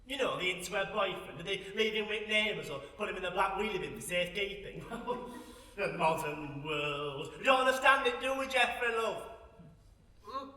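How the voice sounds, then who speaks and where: A man's voice: high-pitched, sharp tone. A man playing a bawdy, gossipy older Sheffield housewife with a Yorkshire accent, chatting in a comic monologue on stage in a large hall. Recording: echoey hall from far off.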